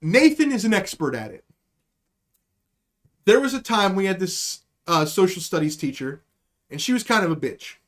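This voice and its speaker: A man hosting a live-streamed show tells a comic story in a loose, rambling way, swearing freely and poking fun at himself. His voice sits noticeably high for a man. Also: sing-song, moderate pace, pauses often. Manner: rambling, profane, self-deprecating. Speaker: podcast host. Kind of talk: comedic storytelling on a livestream.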